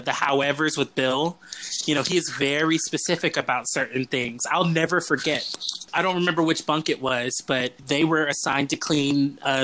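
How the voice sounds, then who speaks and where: A man, a podcast guest, telling casual stories and often breaking into laughter. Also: medium pitch. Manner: laughing, lively anecdotes with fast asides. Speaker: podcast guest, camp alumnus. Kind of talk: casual storytelling chat.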